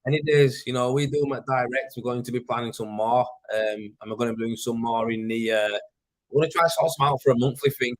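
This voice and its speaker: A man's voice: mid-range voice, fast talker, rough recording. A man with a Yorkshire accent hosting a casual livestream, rambling and chatty as he reads viewer comments. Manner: rambling, chatty, with fillers and swearing. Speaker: livestream host. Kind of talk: casual live chat reading viewer comments. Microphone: plugged-in desk mic.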